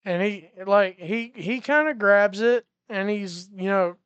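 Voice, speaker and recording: Slow, crisp-voiced game master. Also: mid-range voice, no room sound, dull audio. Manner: relaxed, laughing, explains freely. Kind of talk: narrating a tabletop game.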